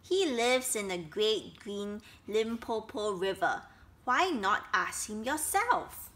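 A kindly snake friend from a children's storybook, speaking calmly and reassuringly. A woman reads his lines close to her own voice. The tone is bright and slow. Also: medium pitch.

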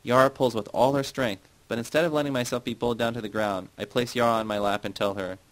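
A man reading a novel aloud in a measured, plain audiobook narration. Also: mid-range voice, fairly even intonation, fairly bright tone, rough recording. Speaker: audiobook reader.

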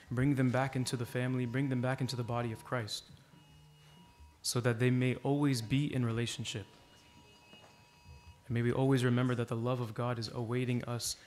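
A man's voice: mid-range voice, a little hiss or hum. A man preaching a sermon in a church, earnest and exhorting, telling a story to make his point.

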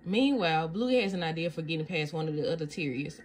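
A woman reading a children's picture book aloud in a calm, clear way. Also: low-pitched, fast, a little hiss or hum, rough recording. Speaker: storybook reader.

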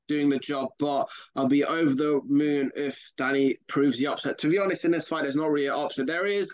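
A man with a mid-pitched voice chats casually about upcoming fights, rambling and circling back to repeat his picks. His voice sounds a bit muffled and is recorded dry, with no room sound. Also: dry recording. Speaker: boxing pundit co-host. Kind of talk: casual fight predictions chat.

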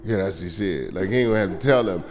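A male stand-up comedian telling a profane story on stage, shouting his punchlines. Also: sits low, racing, in a large hall. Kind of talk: live stand-up set. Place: comedy club stage with audience laughter. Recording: live club recording with audience noise.

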